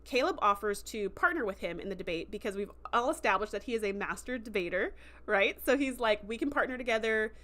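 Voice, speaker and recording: A woman hosting a casual livestream review, chatty and enthusiastic, with lots of fillers and quick acted-out quotes. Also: medium pitch, lively intonation, fairly bright tone. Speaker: show host recapping a TV episode.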